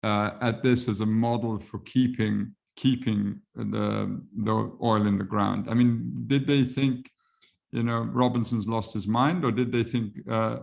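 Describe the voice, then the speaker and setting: A man's voice: fairly low pitch, steady tone, measured pace, creaky, a little mellow. A man moderating a panel conversation, hesitant, with many fillers and restarts.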